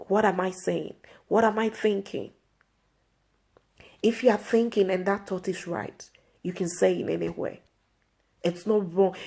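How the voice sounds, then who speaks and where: Husky-voiced woman giving earnest encouragement. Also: on the low side, a little mellow. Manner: earnest, repeats her exhortations. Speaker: vlog host. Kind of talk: inspirational faith talk.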